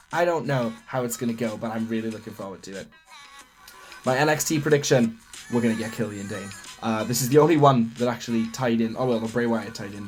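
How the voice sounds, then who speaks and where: A young man, hosting a wrestling podcast alone, gushing as an excitable fan. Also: mid-range voice. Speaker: podcast host. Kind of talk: solo wrestling podcast rundown.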